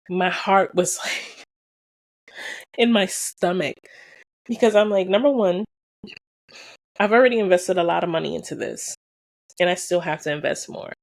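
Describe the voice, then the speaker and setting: A woman's voice: on the low side, creaky, no room sound. A woman telling a candid personal story on her vlog, emphatic and slangy, repeating phrases for stress and talking straight to her viewers. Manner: slangy and direct, addresses viewers. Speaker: vlogger and fashion brand founder.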